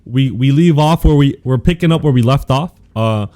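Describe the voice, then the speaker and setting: A man with a mellow, warm voice recapping episodes in a loose, rambling way on a casual podcast. He talks with slangy asides and restarts, and his pitch sits mid-range for a man. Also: moderate pace. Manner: rambling, animated retelling with laughs and slangy asides. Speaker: podcast co-host. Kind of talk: casual anime recap chat.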